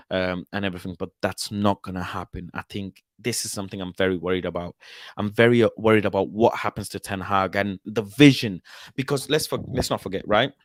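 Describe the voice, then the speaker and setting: Animated man firing rhetorical questions. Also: on the low side, no room sound, clean studio sound. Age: 20s. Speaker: football channel host. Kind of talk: casual video commentary.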